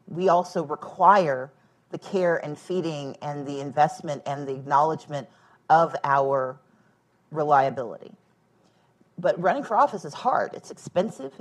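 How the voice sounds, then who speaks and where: A woman's voice: low-pitched, unhurried, breathy edge. A woman in her forties, a guest speaker on stage before a live audience, talking plainly with homely analogies and a wry edge. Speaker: guest speaker, former candidate. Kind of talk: public conversation on stage. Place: event room with live audience.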